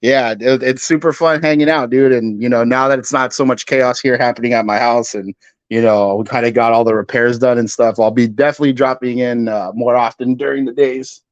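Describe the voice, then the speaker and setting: A man's voice: medium pitch, steady tone, fairly quick, lo-fi sound. A man guesting on a livestream, telling a story in a rambling, casual way full of "like" and "you know". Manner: rambling, filler-heavy, acts out quotes.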